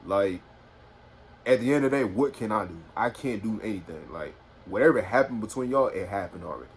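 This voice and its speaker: A man's voice: fairly low pitch, fairly quick. Young man, casual storytime, lots of fillers, phone recording, faint room noise. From Houston, Texas. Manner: rambling, filler-heavy, animated retelling. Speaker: vlogger.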